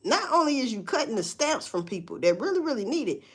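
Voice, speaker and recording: A woman's voice: high voice, big pitch swings, fast, few pauses, breathy edge. A woman chatting casually with viewers on a live stream, blunt and profane, with emphatic outbursts. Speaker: livestream host. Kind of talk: casual livestream chat to viewers.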